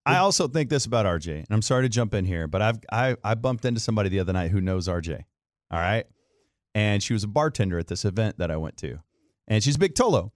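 Lively-voiced male radio host. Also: fairly low pitch, fast talker, no room sound, clean studio sound. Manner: animated storyteller, teasing. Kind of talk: casual studio chat. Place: radio studio.

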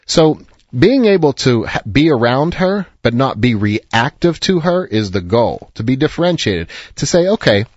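A man's voice: mid-range voice, big pitch swings, measured pace, darkish tone, dry recording, highs cut off. Earnest man giving advice. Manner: earnest, reassuring, with storytelling. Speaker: advice show host. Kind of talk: counseling advice to a caller.

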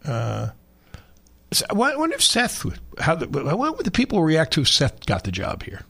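A man from Long Island, hosting a sports radio show and rambling through stories in a chatty, animated way. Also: on the high side, normal speed, gravelly, husky. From Long Island, New York. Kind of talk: casual sports radio chat.

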